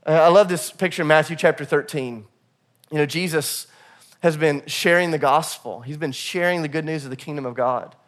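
A male pastor preaching a sermon. He tells a personal story in a lively way and acts out the people in it. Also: on the high side, normal speed. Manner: animated storyteller, voices the people in his story.

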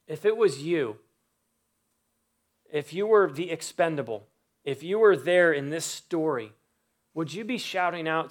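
A man preaching a sermon, earnest, with pauses and rhetorical questions. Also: fairly high pitch.

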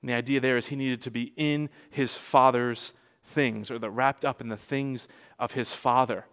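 A man preaching a sermon as a pastor, conversational and animated, growing louder and softer as he tells the story. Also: mid-range voice, normal speed, smooth. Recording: long hall reverb.

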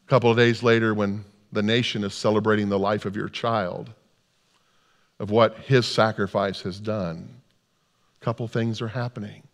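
A male preacher telling a story in a sermon, swinging from loud outbursts to hushed tones. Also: lowish voice, fairly even intonation, moderate pace. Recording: long hall reverb.

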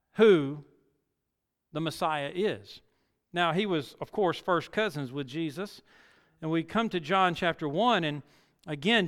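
A man's voice: on the high side, fairly bright tone, smooth. A male pastor preaching a sermon, reading scripture dramatically and building to emphatic peaks. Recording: long reverb of a large hall.

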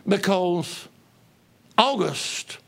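Gravelly-voiced man preaching a lively sermon. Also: sits high, extremely slow. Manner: lively, call-and-response, swings from loud to hushed. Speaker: traveling preacher. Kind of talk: humorous storytelling sermon.

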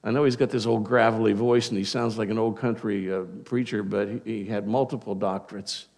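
Preaching as a pastor, this man talks conversationally, often restarting and going off on asides, and he slows to emphasize important words. His voice is lowish, steady, gravelly, and a little mellow.

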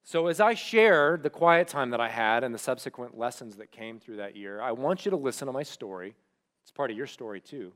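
A young man, a student pastor, preaching a sermon as a personal story, moving between loud animated retelling and quiet reflective asides. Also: mid-range voice.

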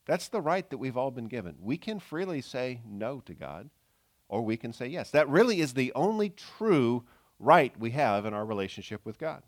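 A man preaching a sermon in an earnest way, moving between loud emphasis and soft, low asides. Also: big pitch swings, moderate pace. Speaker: pastor.

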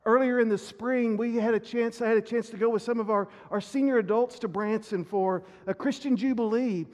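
A male pastor with a strikingly high voice delivers a sermon, telling a personal story earnestly and often restarting his phrases. His voice rings with the long reverb of a church sanctuary. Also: fairly even intonation, brisk, a little mellow.

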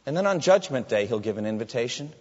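A man's voice: medium pitch, expressive, fast, a little mellow. A man preaching a sermon, reading scripture aloud with emphasis and posing questions to his listeners. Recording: dull sound with long hall reverb.

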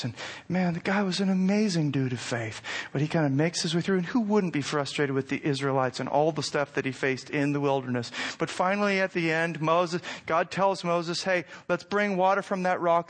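Male preacher with a high voice, impassioned, moving from hushed to near-shouting. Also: normal speed. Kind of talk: sermon.

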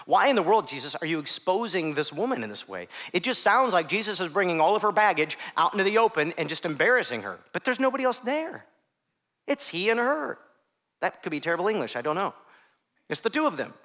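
A man preaching a sermon in a conversational way, with self-deprecating asides, often dropping to soft hushed phrases. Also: sits high, very animated, a little fast. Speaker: pastor.

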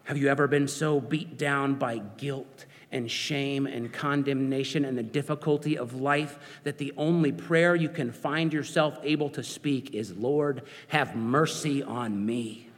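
A man's voice: medium pitch, steady tone, unhurried, hardly any pauses, long reverb tail. A man preaching a sermon, earnest and searching, putting questions to his listeners.

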